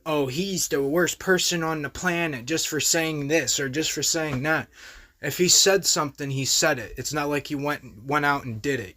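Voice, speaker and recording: A man's voice: mid-range voice, pushed and bright. A young man hosting a reaction video, talking in heated, profane, exasperated casual commentary.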